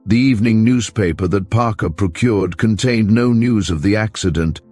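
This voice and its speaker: Deep-voiced male audiobook narrator. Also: normal speed, dark tone, soft background music. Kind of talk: scripted narration.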